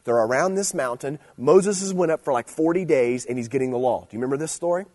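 A young man giving a relaxed, conversational sermon, telling stories about home life and then preaching with growing energy. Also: medium pitch, quick pace. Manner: conversational storytelling, animated and playful when preaching. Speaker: youth pastor. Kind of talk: casual sermon.

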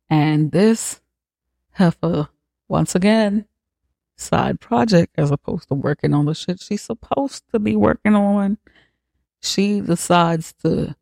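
Podcast host, comic movie recap, profane, animated storytelling, dry close mic, raspy tone. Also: mid-range voice, no room sound. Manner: profane, animated retelling with acted-out quotes.

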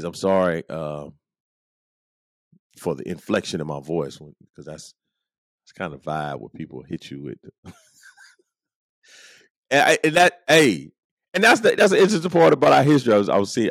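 A man with a low voice tells stories in a casual, animated way. He acts out what his friends said and laughs easily between lines. The sound is dry and close, with no room around it. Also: moderate pace, long pauses, no echo. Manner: animated, acts out quoted friends, chuckles often. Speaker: podcast host. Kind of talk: casual storytelling monologue.

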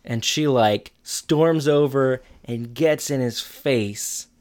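A man in casual chat, retelling a TV episode in a relaxed way with fillers and quick quoted asides. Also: medium pitch.

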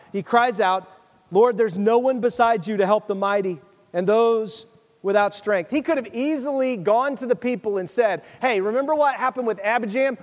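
A male pastor with a high voice preaches in a casual, conversational way. He moves between reading scripture and urging his listeners directly. His voice rings through a hall with a long echo. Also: brisk. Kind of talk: sermon.

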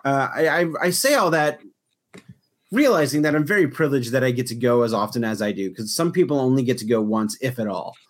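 A man's voice: mid-range voice, animated, fairly quick. A young man chatting casually as a podcast host, telling a long story with lots of restarts and filler words. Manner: rambling storytelling with frequent restarts. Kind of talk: casual chat.

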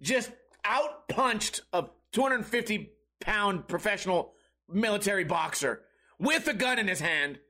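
High-voiced man ranting on a podcast. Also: lively intonation, a little slow, pushed and bright. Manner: profane, rambling and sarcastic, with mocking quoted voices. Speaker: podcast host. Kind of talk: casual solo comedy podcast rant.

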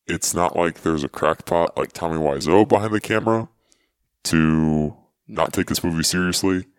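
A man giving his take on a movie in casual podcast talk, pausing often with ums. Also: low-pitched, clean tone, no room sound, clean studio sound. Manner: hesitant, many pauses and ums. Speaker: podcast co-host reviewing a movie. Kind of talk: casual movie review chat.

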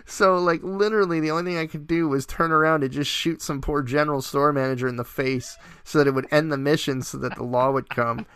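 A man's voice: fairly high pitch, fairly quick, hardly any pauses, smooth, dry recording. A man hosting a casual gaming podcast, telling a funny story with frequent laughter. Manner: laughs often, animated storytelling. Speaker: podcast host.

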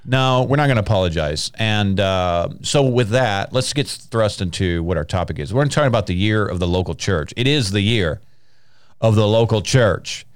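A man's voice: lowish voice, animated, moderate pace, clear, resonant tone, no echo. A man hosting a Christian podcast in a studio, chatting casually, laughing often and sprinkling in praise exclamations. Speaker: podcast host.

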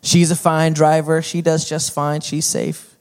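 A man's voice: fairly high pitch, level tone, a little slow, a little mellow, clean tone. A middle-aged male pastor preaching a sermon in a folksy, conversational manner that builds to emphatic points.

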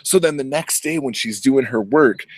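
A man's voice: medium pitch, moderate pace, no room sound. A man casually recapping a film, swearing a lot and acting out the characters' lines as he goes. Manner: profane, animated storytelling with acted-out quotes. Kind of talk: casual movie recap chat.

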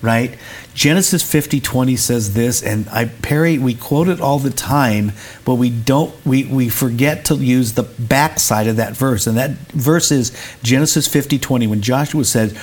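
Middle-aged pastor guest, earnest and preacherly, mid-pitched voice. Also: male voice, moderate pace. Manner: earnest, preacherly, repeats words when searching. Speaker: recovery center director and pastor. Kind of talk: interview guest.

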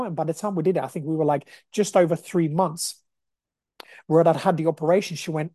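A young man hosting a solo podcast, talking in an emphatic, energetic, motivational way. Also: high voice, normal speed, no room sound, clean studio sound. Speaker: podcast host.

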